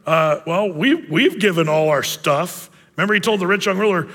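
A man's voice: high-pitched, expressive, normal speed, hardly any pauses, fairly bright tone. Man, pastor, casual sermon, chatty, joking asides, echoing church sanctuary. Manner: chatty, joking, many fillers and restarts. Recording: long church-hall reverb.

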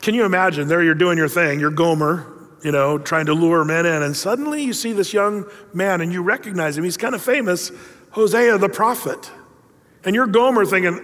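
A man's voice: sits high, brisk, fairly bright tone. A man preaching a sermon, telling a story with playful asides and acting out quoted lines. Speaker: pastor. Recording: long hall reverb.

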